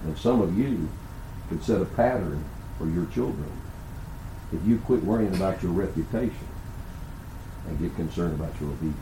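Older guy preaching, lively up-and-down voice, echoey church, faint room hum. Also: lowish voice, normal speed, long pauses. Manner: preaching with rhetorical questions and storytelling. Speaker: pastor. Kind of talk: sermon. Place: church sanctuary.

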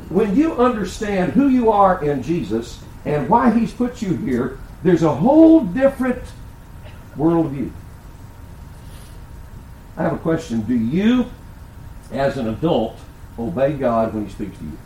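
Older male pastor, animated sermon delivery, roomy sanctuary sound. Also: a little high, a little hiss or hum. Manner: preaching with rhetorical questions and storytelling. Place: church sanctuary.

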